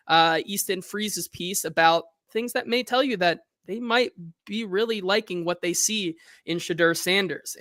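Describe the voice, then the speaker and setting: Bright-voiced chatty male sports host. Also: sits high, no room sound, clean studio sound. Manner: chatty, loose, reads news aloud. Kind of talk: casual chat.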